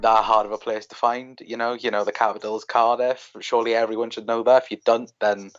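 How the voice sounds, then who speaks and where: A man with a Welsh accent from South Wales, co-hosting a casual chat and giving quick opinions with lots of "like". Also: mid-range voice, little pitch movement, lo-fi sound. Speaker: co-host.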